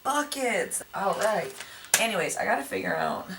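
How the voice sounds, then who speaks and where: Chatty woman with a gravelly, lively voice. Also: medium pitch, moderate pace. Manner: chatty, talks to herself, self-mocking. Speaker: vlogger. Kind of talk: casual chat while wrapping gifts. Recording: distant mic with background noise.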